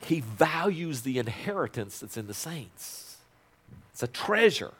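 A man preaching a sermon to his congregation, moving from loud, fervent prayer to quiet, intimate asides and calling on people to repeat phrases after him. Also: medium pitch, big pitch swings, measured pace, breathy edge. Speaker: pastor.

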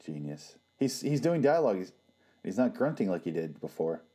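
A man's voice: sits low, sing-song, moderate pace, mellow. A man giving casual, sarcastic and profane watch-along commentary on a TV show.

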